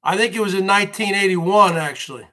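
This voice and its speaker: A man's voice: sits high, brisk, bright, forceful tone. A man hosting a livestream, ranting in a rambling, repetitive monologue and often addressing his viewers as folks. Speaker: livestream host.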